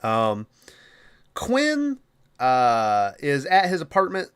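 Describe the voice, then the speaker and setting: A podcast host casually recapping a film, swearing a lot and rambling. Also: male voice, fairly high pitch, wildly swooping pitch, extremely slow, fairly bright tone, clean tone. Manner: profane, rambling, laughing.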